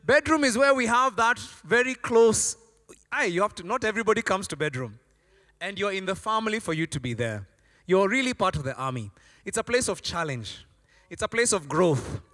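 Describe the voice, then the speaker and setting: A man's voice: high voice, pushed and bright, big-room sound. A man preaching a sermon as a pastor, telling stories animatedly and acting out voices.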